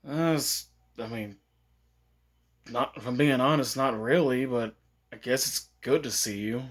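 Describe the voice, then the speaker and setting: A man's voice: mid-range voice, a little slow, lightly acted. A man doing an aloof teenage boy ninja.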